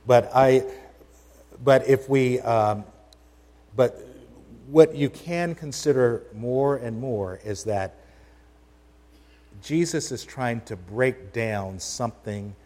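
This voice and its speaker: In a church sanctuary with long hall reverb, a male pastor delivers a sermon in a lowish, darkish voice. His style is conversational but emphatic, and he frequently puts questions to the congregation.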